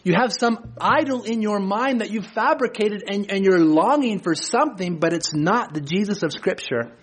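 A man preaching a sermon to his congregation, his voice a touch high and husky. He moves between quiet, deliberate passages and emphatic rising points. He talks in a church as the pastor. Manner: earnest preaching with swings from low to emphatic.

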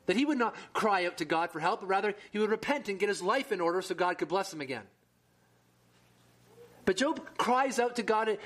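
A man preaching a sermon who reads scripture aloud with rising intensity and then explains it in a lower voice. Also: a bit bright.

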